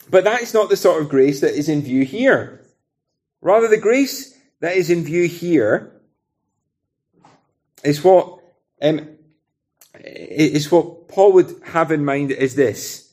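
A man's voice: a little high, darkish tone. A man from Britain preaching a sermon in an earnest, conversational way, using everyday illustrations.

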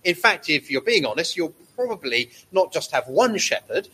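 A man preaching a sermon, measured and slowing down to stress key words. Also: on the high side, very animated, fairly bright tone, a little hiss or hum, low-quality recording.

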